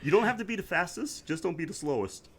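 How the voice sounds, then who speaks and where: A man's voice: high voice, animated, fast, breathy edge. A man co-hosting a podcast, chatting casually and enthusiastically, and laughing often. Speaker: podcast co-host. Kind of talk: casual chat.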